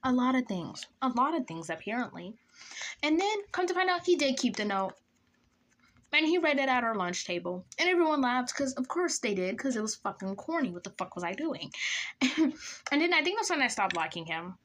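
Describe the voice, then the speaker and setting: A young woman vlogger telling a school-days story while doing her makeup, dramatic and animated, dropping into whispers and jumping into high squeals. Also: normal speed, slight background noise.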